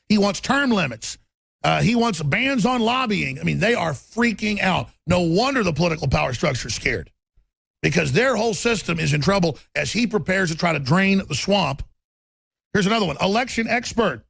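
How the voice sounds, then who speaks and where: Fired-up guy ranting on his talk show, raspy and high, dry close sound. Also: lively intonation, no echo. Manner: forceful, rapid, stammering restarts. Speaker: radio talk show host.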